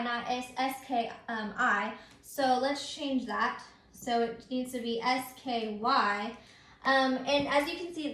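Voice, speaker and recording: A young woman teacher with a high voice walks through a recorded spelling lesson, spelling words out letter by letter and pausing on frequent ums. Her voice is crisp and bright. The room around her sounds echoey. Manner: frequent um fillers.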